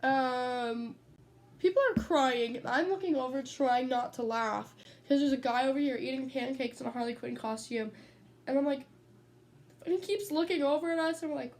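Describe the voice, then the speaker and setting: A teenage girl sits in her bedroom vlogging, her voice high with a darkish tone and a moderate pace. She's chatty and sidetracked, rambling through casual stories and swearing freely.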